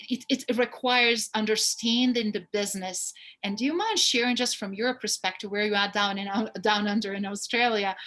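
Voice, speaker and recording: Woman podcast host, effusive praise, long winding questions, mid-pitched voice. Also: fairly bright tone. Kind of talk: podcast interview.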